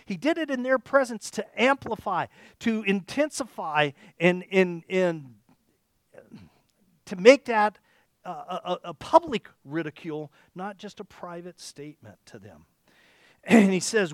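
A man's voice: high voice, expressive, unhurried, no room sound, clean studio sound. A male pastor giving a sermon in a conversational way. He often restarts his phrases and checks in with the congregation with rhetorical questions. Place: church service.

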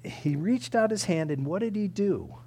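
A man's voice: high voice, animated, moderate pace, warm tone, husky. A man preaching a sermon, earnest and emphatic, acting out quoted prayers and pleas.

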